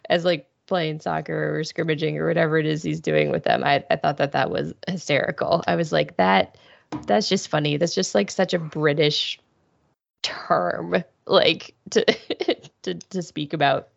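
Woman with a heavy vocal fry. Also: deep voice, measured pace, no echo. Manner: laughing easily, casual. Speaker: podcast co-host. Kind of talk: casual chat. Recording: slightly dull, dry podcast audio.

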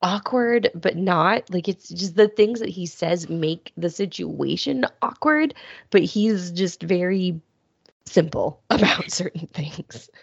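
Woman, podcast co-host, low gravelly voice, slow easy pace, dull dry sound. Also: expressive, no room sound. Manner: laughs often, slow and drawling. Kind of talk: casual chat.

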